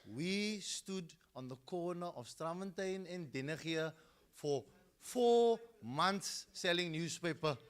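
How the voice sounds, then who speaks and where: A man's voice: fairly high pitch, expressive, takes it slowly, clear, resonant tone. A middle-aged man with a South African accent, giving a storytelling speech at a school football launch and acting out the people he quotes.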